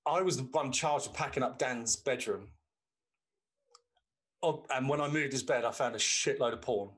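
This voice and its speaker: In casual podcast chat, this male co-host spins long, sweary, rambling anecdotes. His voice is medium-pitched and fairly bright, at a moderate pace.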